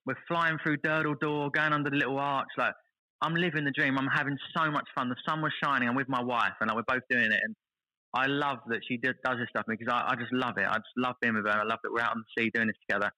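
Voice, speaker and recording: A man, a podcast guest, telling a story in an animated, excitable way and acting out what others said. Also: medium pitch, low-quality recording. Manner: animated, excitable storyteller who acts out other people's lines. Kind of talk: casual chat, telling a story.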